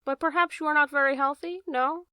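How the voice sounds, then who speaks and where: A woman voicing a male art dealer who is smooth, cold and calculating. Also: sits high, steady tone, a little fast, bright, forceful tone, no echo, studio quality, pitched above the performer's own voice. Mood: coaxing. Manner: cold, then coaxing.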